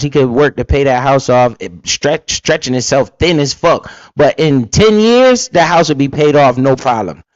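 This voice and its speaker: A man's voice: fairly high pitch, no room sound, dull audio. A man giving blunt, profane, casual commentary while reacting to an interview, full of asides and storytelling.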